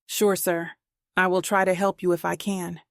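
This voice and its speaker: A woman's voice: lowish voice, little pitch movement, normal speed, creaky, dry recording, clean studio sound. A woman voicing a polite, cheerful male limo driver in an audiobook. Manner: courteous, cheerful.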